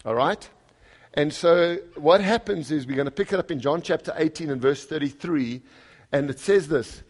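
Speaking at a normal speed with a fairly high pitch, the pastor reads scripture aloud with lively emphasis. His sermon is conversational, and he poses questions to the congregation.

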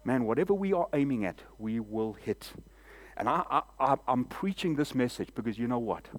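A man's voice: medium pitch, lively intonation, moderate pace. Impassioned male pastor preaching. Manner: impassioned, emphatic preaching with repetitions. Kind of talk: sermon.

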